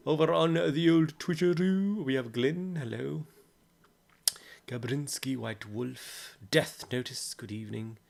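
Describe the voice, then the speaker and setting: A man chats casually through a live hobby stream, greeting viewers one by one and tossing in jokey asides. His voice sits at an ordinary middle pitch with a gravelly edge of vocal fry. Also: measured pace, a little mellow. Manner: chatty, greets chat by name, jokey asides.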